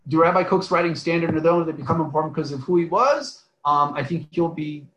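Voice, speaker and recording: Fairly quick and bright-toned, this man's high-leaning voice carries an online lecture with chat questions over a video call. His talk wanders, peppered with "right?" and "um" and restarted phrases, and the sound is reverberant and lo-fi.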